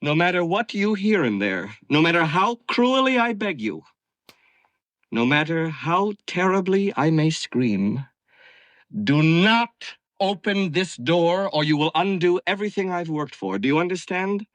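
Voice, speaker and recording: A theatrical, excitable young doctor. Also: male voice, a little high, unhurried, dry recording. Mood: commanding. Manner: grand, declaiming delivery swinging to gushing flattery. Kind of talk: 1970s comedy film acting.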